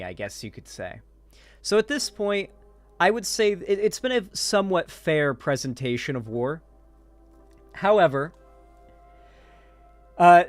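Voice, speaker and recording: A man giving casual, sarcastic commentary, profane and full of fillers and restarts. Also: a little high. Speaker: online commentator. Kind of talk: casual political commentary, recapping a movie.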